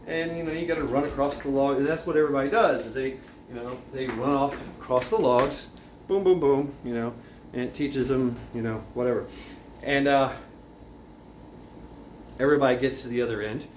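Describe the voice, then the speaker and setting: Speaking at a normal speed in a medium-pitched voice, this man is a vlogger casually retelling a scene from a film. He rambles, starts over many times and throws in sound effects, and the recording has a roomy echo and faint background noise.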